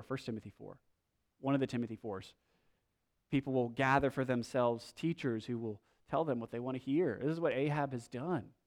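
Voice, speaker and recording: A male pastor preaching a sermon in a conversational way, with wry asides. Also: a little high.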